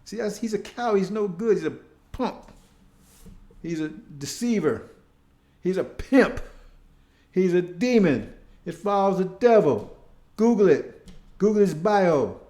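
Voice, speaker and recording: Male preacher, informal sermon, pitch a touch high, chatty delivery that keeps checking in with the audience. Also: lively intonation, measured pace, pauses often, mellow, roomy sound. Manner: conversational, keeps asking "see?".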